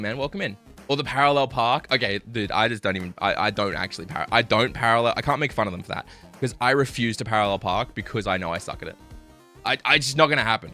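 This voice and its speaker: Young male streamer, lively, bright voice, casual storyteller who swears. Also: mid-range voice. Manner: animated, swearing, laughing while telling stories. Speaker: livestreamer.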